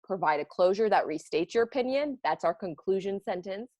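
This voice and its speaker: Woman, teacher, kids' writing lesson, expressive, read-aloud, dry room. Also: mid-range voice, brisk, no room sound. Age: adult, parent of children. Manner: animated, expressive, bursts of excitement.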